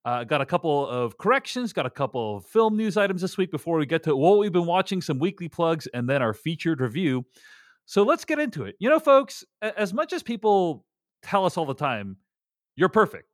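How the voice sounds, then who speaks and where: A man hosting a casual podcast, chatty and animated, leading the talk and reading listener emails aloud. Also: a little high, fairly quick, dry recording, studio quality. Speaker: podcast host.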